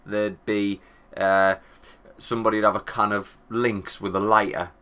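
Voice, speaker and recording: A man's voice: on the low side, unhurried, clear, resonant tone. A Northern English man co-hosting a podcast, telling rambling, sweary stories in casual banter. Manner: rambling, sweary, animated storytelling. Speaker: podcast co-host.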